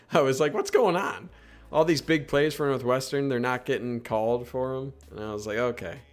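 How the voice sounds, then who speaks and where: A young man casually breaking down football film live, reacting with quick exclamations as plays unfold. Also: medium pitch, steady tone, clear, resonant tone. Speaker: podcast co-host.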